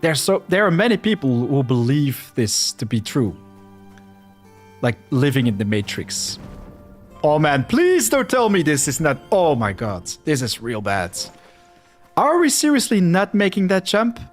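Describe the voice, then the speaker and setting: A man's voice: fairly high pitch, huge pitch swings, unhurried, soft background music. A young man with a Flemish accent, Dutch-speaking, chatting casually and self-deprecatingly with his viewers while playing a game. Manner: rambling, self-deprecating, talks to chat. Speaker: streamer. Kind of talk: casual livestream chat over gameplay.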